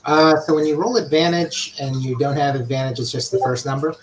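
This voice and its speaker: A man running an online tabletop game as game master, talking in a relaxed, halting way with many fillers. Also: mid-range voice, slight background noise, poor audio.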